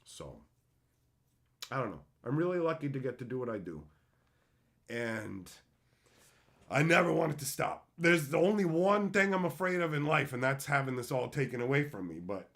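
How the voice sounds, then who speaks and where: A man chatting on a live stream, his fairly high voice swinging up and down as he talks. He swears freely and laughs often. His delivery is loose and casual. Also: moderate pace, vocal fry. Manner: profane, animated, laughs often. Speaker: streamer and entertainer. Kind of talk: casual livestream chat with viewers.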